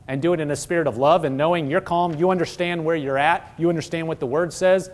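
A man's voice: a little high, steady tone, fast talker, few pauses. A man teaching from the Bible in a conversational preaching style, earnest and full of rhetorical questions.

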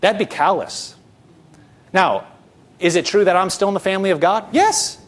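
A middle-aged pastor with a high voice preaches in an easy, conversational way. He is earnest, poses rhetorical questions to his listeners, and often restarts his sentences. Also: normal speed. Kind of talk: conversational sermon.

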